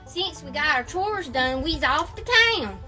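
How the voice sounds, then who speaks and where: A woman's voice: sits high, a little slow, loud music behind the voice. A woman playing a backwoods hillbilly woman in a comedy skit, speaking in an exaggerated Southern drawl with a folksy, hammy manner.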